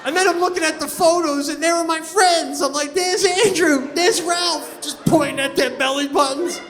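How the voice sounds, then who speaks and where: A middle-aged man tells stories in an animated stand-up set, sometimes bursting into loud shouts. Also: extremely high pitch, fairly quick, long reverb tail, soft background music. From Long Island, New York. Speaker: comedian. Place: stage before a live audience.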